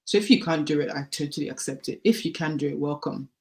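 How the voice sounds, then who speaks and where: A woman telling her personal story as a podcast guest, candid and animated, acting out the dialogue she recalls. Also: low voice, fast talker. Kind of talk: personal testimony in a podcast interview.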